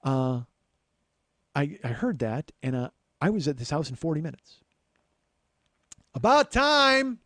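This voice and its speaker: A man's voice: medium pitch, expressive, normal speed, long pauses, warm tone, no room sound. A male comedian and podcast host telling a profane, sardonic story as a ranting monologue.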